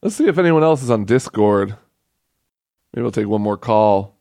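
A man's voice: lowish voice, expressive, normal speed, dark tone, dry recording. Young male podcast host, loose, self-mocking rambler, dry close mic. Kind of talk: casual solo podcast chat.

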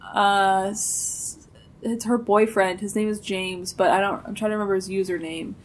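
A young woman co-hosting a podcast, chatting casually with frequent "like" and deadpan teasing. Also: medium pitch, normal speed. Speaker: podcast co-host. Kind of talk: casual chat.

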